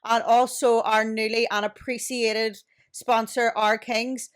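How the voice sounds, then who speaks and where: Flat-toned woman reading playful plugs. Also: on the high side, unhurried, smooth. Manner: playful, reads sponsor plugs. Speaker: podcast guest. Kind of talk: casual chat.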